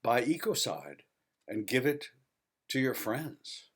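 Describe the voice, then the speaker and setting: A man's voice: mid-range voice, sing-song, takes it slowly, fairly bright tone, slightly rough. Man emphatically presenting a video essay. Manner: emphatic, listing items with a repeated refrain. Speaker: author and psychology professor.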